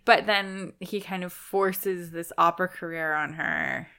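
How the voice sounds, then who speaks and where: Woman with a gravelly voice. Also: on the low side, fairly even intonation, a little slow, bright, forceful tone. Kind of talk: casual film discussion.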